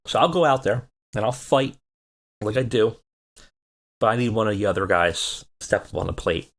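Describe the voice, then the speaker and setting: A man doing a tough leader of a wrestling clan, pushing his crew to fight for the family. He talks in urgent, pleading bursts with a lowish voice. It sounds like a let's play of a wrestling game, read out loud. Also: moderate pace. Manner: urgent, pleading, keeps saying listen and man.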